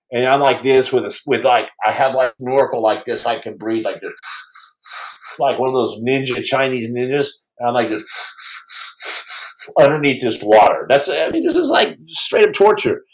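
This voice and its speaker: A man telling a story on his podcast in a casual, animated way, stumbling over restarts and acting out the quotes. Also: medium pitch, poor audio.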